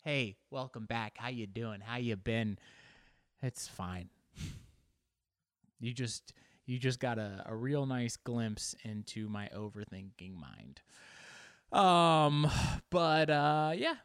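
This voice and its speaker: A man's voice: mid-range voice, lively intonation, slow, pauses often, clear, resonant tone, no echo, studio quality. Rambling, swearing podcast host man. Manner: rambling, self-deprecating, swears freely. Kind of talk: casual solo podcast monologue.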